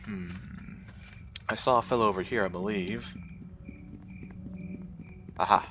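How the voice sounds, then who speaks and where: A man's voice: lowish voice, a little slow, sharp tone, slight background noise. A man giving casual, muttered commentary while playing a game. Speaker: gameplay commentator. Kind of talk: casual let's-play commentary.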